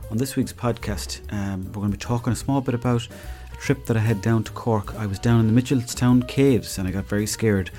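Fast-talking Irish man hosting a podcast. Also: mid-range voice, warm tone. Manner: rambling, chatty storytelling. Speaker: podcast host. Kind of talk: casual comedic monologue.

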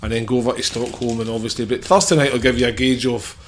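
Scottish bloke, ex-player, calm football talk, bit of hiss. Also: male voice, medium pitch, fast talker. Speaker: podcast co-host, former footballer. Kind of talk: casual football chat.

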